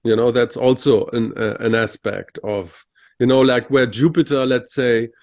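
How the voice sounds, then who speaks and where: A man's voice: medium pitch, fairly even intonation, unhurried, a little mellow. A man co-hosting a podcast, explaining ideas in a searching way, full of fillers. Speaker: podcast co-host. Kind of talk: casual philosophical conversation.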